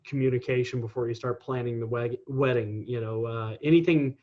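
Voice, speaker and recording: A man's voice: mid-range voice, fairly even intonation, a little fast, lo-fi sound. Hesitant rambling man in his forties. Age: 40s. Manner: rambling, hesitant, full of ums and restarts. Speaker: interview guest. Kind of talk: casual interview conversation.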